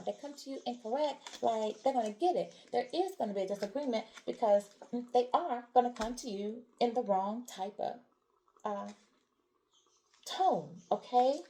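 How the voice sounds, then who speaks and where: A woman's voice: a little high, moderate pace, dark tone, a little hiss or hum, poor audio. A woman doing a casual tarot reading, talking straight to her viewers in an emphatic, repetitive way. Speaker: tarot reader.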